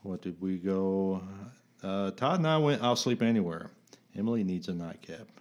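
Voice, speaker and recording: A man's voice: low-pitched, expressive, normal speed, a little mellow, highs cut off. A man co-hosting a podcast, reading a magazine quiz aloud in a playful, joking way. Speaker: podcast co-host.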